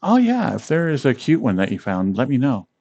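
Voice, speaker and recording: A man's voice: mid-range voice, wildly swooping pitch, brisk, warm tone, no room sound, lo-fi sound. A man streaming casually from home, playful and giggling often as he chats.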